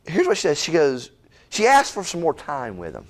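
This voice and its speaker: Brief: middle-aged man, pastor, lively swooping delivery, folksy asides, keeps asking "right?". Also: a little high, moderate pace. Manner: animated, folksy, repeats words and asks "right?". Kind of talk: conversational Bible-study sermon.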